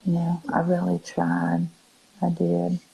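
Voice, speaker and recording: An older woman chatting on a live stream, answering viewers in a soft, musing, often half-whispered way. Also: lowish voice, completely flat delivery, slow pace, gravelly, breathy edge, poor audio.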